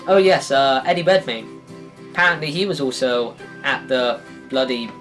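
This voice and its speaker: A man's voice: medium pitch, lively intonation, moderate pace, a bit bright, soft background music. Rambling man giving a casual review. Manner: rambling, self-interrupting, sighs, sarcastic asides. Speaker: film reviewer.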